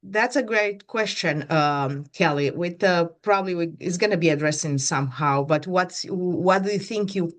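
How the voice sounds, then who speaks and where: Brief: female agent in a practice role-play, lower voice, hesitant. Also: normal speed, few pauses. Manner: hesitant, many fillers.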